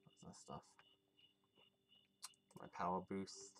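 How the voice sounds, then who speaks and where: A man's voice: medium pitch, big pitch swings, brisk, fairly bright tone, a little hiss or hum. Rambling young male game streamer. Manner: rambling, loose, chuckling, talks to chat. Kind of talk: casual live gameplay commentary.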